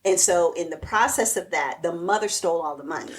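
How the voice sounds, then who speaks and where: A woman's voice: fairly low pitch, a little fast. A woman co-hosting a podcast, animatedly retelling a TV episode in casual chat, full of "like" and acted-out quotes. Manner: animated retelling, heavy use of "like" and quoted asides. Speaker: podcast co-host. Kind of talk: casual chat recapping TV shows.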